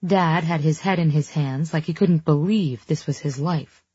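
A woman reads a first-person novel in a low, husky, mellow voice, wry and introspective. The recording is dry and a little dull and lo-fi. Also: moderate pace, no room sound. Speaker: audiobook narrator. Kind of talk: first-person audiobook narration.

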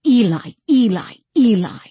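A woman's voice: on the low side, level tone, takes it slowly, a little mellow, dry recording. A woman voicing a fierce, proud wild big-cat beast that speaks in blunt, broken phrases. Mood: calling out. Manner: broken clipped speech, no articles.

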